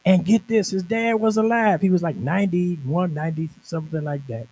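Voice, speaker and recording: Brief: male minister in his sixties, emphatic testimony sermon, fairly high pitch. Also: moderate pace, darkish tone, slight background noise, poor audio. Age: 60s. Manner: conversational storytelling, emphatic. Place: conference venue.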